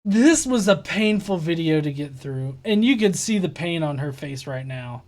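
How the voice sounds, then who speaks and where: A man's voice: a little high, animated, moderate pace. A man hosting a reaction commentary, sarcastic and exasperated, swearing often. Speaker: host reacting to a video.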